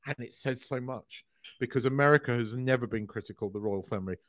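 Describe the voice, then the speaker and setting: Man, middle-aged, podcast co-host, blunt sweary rants, mid pitch, dry close sound. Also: quick pace, no room sound. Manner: blunt, sweary, animated ranting. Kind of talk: casual chat.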